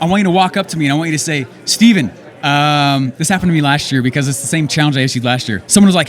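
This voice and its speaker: High-voiced energetic young man pumping up a crowd. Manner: energetic, excitable, fast-talking with frequent "okay?" tags. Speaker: event speaker. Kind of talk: motivational talk to an audience. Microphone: handheld microphone.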